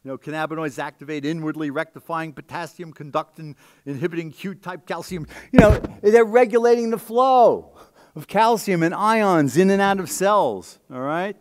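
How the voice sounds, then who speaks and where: A man's voice: a little high, normal speed. A man giving an emphatic, conversational scientific talk at a conference, often checking in with the audience.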